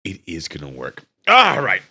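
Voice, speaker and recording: A man's voice: low-pitched, wildly swooping pitch, moderate pace, pushed and bright, breathy edge. A man streaming casually, rambling and joking at his own expense. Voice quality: rambling and self-mocking. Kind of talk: casual live-stream chat. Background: instrumental music.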